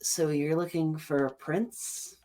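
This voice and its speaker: A man's voice: fairly high pitch, fairly even intonation, a little mellow, voice pushed up. Man doing a sneering goblin thug. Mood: sly. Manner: mocking, drawn-out. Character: sneering male goblin bandit, menacing.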